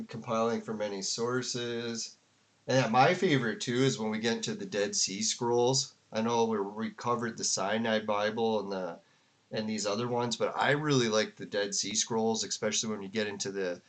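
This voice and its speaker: A man giving casual, rambling commentary on a debate to his viewers, full of fillers and restarts. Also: on the low side. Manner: rambling, filler-heavy, with frequent "like" and laughs. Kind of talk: casual commentary to a live chat.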